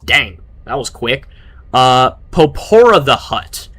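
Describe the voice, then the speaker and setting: A man's voice: mid-range voice, very animated, slow, fairly bright tone. A young man giving casual, rambling commentary while playing a strategy game and reading chat aloud. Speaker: gaming streamer.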